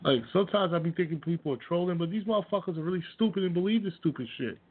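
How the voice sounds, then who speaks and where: A man's voice: high-pitched, racing, breathy edge. A man hosting his own radio show, ranting casually and bluntly about sports with plenty of profanity and scornful laughs. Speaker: host. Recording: tinny phone-like audio.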